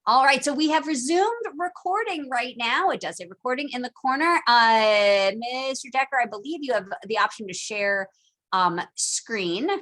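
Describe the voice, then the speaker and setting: Brief: woman, higher voice, casual teacher on a video call, jokey and lively. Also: moderate pace. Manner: chatty and animated, acts out historical figures in jokey quoted voices. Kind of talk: casual online lecture.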